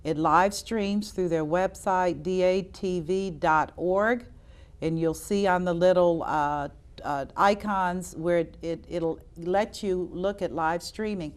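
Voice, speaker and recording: An older woman with a lowish voice hosts a community TV talk show. She speaks earnestly and encouragingly, and she often repeats herself to drive a point home. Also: slow pace. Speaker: host. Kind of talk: public-access talk show.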